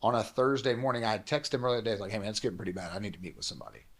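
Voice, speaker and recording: Fast-talking man telling a story. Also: on the low side. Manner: fast animated storytelling, acting out quoted dialogue. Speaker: pastor. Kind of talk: telling a personal story as a guest.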